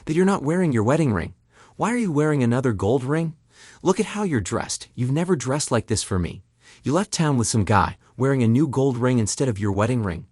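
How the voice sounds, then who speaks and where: A man's voice: mid-range voice, animated, fairly quick, a little mellow, husky, no echo, studio quality. A man voicing a betrayed husband who interrogates his wife with cold sarcasm. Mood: mocking. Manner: sarcastic, demanding. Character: coldly mocking betrayed husband.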